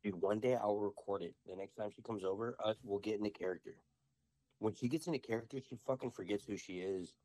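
A young man telling a story in a casual podcast chat, animated and full of swearing. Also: lowish voice, fast, no echo. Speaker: podcast host.

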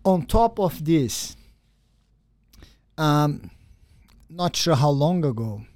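An earnest male podcast host with a mellow, darker tone, asking questions in a halting way and repeating words. The sound is dry and close, with no echo. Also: on the high side, expressive. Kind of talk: interview questions.

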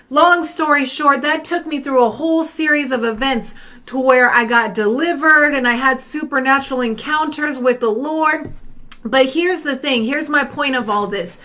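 A woman's voice: sits high, bright, forceful tone. A middle-aged woman minister sharing a personal testimony, earnest and repetitive, with frequent restarts. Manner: earnest, repeats phrases, many restarts.

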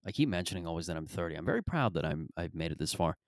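A man's voice: sits low, very animated, very fast, no room sound, studio quality. Profane, rambling man in his thirties. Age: 30s. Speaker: podcast host. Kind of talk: casual comedic monologue.

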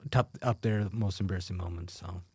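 A man telling funny stories as a guest on a podcast, animated and quick to laugh. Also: sits low, breathy edge, no room sound. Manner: animated storyteller, laughs often. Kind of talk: casual chat.

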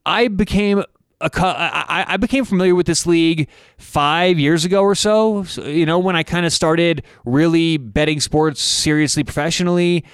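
A man's voice: a little high, normal speed, clean tone, no room sound, clean studio sound. A man hosting a sports betting talk show, rambling with restarts and asides. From United States. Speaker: sports betting podcast host. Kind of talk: casual talk with a read ad.

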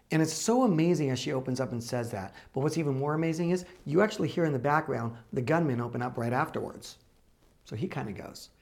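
A male host opens his show by retelling a true story, leaning on each phrase with slow emphasis. His voice has a gravelly edge and sits at an ordinary middle pitch. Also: a little mellow. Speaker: podcast host.

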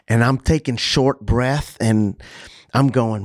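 A man, a coach, telling his own story as an interview guest, lively and acting out the dialogue. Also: medium pitch, slow, no room sound, studio quality. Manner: animated, acts out dialogue. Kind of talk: personal storytelling in a podcast interview.

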